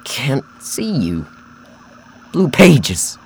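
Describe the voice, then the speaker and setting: A man's voice: mid-range voice, huge pitch swings, drawn-out words, vocal fry, husky, pitched above the performer's own voice, full character voice. A man voicing an erratic, crazed man trapped inside a book, pleading in broken fragments. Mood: frantic. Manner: pleading, breaking off mid-sentence.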